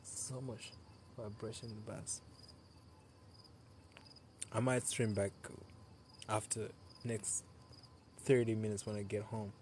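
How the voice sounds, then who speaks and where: A man's voice: lowish voice, fairly even intonation, takes it slowly, pauses often, a little mellow, slight background noise. Tired young man streaming outdoors at night. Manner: tired, loose, laughs often, chatty with viewers. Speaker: live streamer. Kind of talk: casual late-night live stream chat.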